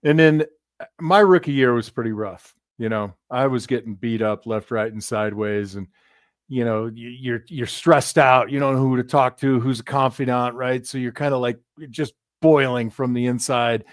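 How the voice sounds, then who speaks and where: A middle-aged former player shares stories on a casual sports podcast, acting out the people in them. His voice is smooth and resonant, mid-pitched, and sounds dry and close. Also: moderate pace, no room sound. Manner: tells lively anecdotes, often acting out the voices of others.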